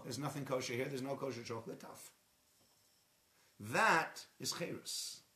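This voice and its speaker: A man's voice: high-pitched, pushed and bright. Man teaching in an echoey room. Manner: explanatory, rhetorical questions, Hebrew terms woven in. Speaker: Torah teacher. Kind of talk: Torah talk to an audience.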